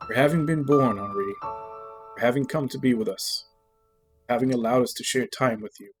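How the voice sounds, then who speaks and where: A man playing a soft-spoken gentle man. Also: mid-range voice, faint music behind, natural voice. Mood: tender. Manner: soft, hushed and slow. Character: gentle immortal man, calm and quiet.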